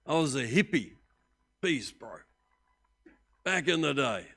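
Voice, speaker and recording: An older Australian man preaching a sermon as pastor, animated and joking in a conversational way. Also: fairly high pitch, fairly quick, creaky.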